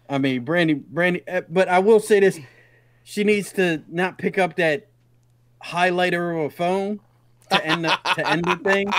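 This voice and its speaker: A man's voice: sits high, unhurried, long pauses, no echo. A man co-hosting a casual chat, chiming in with enthusiastic, emphatic agreement. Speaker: podcast co-host.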